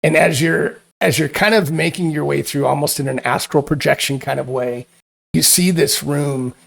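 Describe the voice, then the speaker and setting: A man narrating a tabletop game as game master, halting and repeating words as he goes. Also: on the high side, steady tone, vocal fry.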